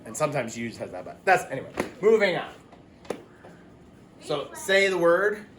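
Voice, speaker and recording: A man teaching a phonics lesson to young children, patient and slow, repeating each word. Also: a little high, sing-song, a bit bright, echoey room, a little hiss or hum. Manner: patient, explains words slowly and repeats them.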